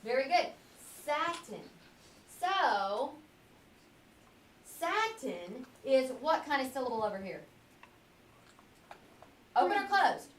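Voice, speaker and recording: High woman teacher, patient questioning, distant echoey classroom, faint hiss. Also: very animated. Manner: patient, questioning, drawn-out word modelling. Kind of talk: classroom phonics lesson.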